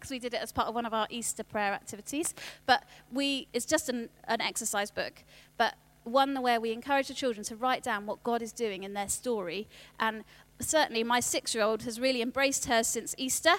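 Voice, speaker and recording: A woman, giving a workshop talk on children's ministry in a chatty way, with quick asides and restarts. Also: a little high, a bit bright.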